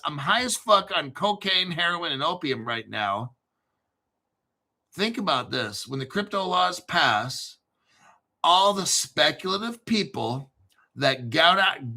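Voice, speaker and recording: Man, crypto channel host, brash profane rant, sarcastic, fairly high pitch. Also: pushed and bright. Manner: brash, sarcastic, swears a lot. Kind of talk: profane ranting monologue.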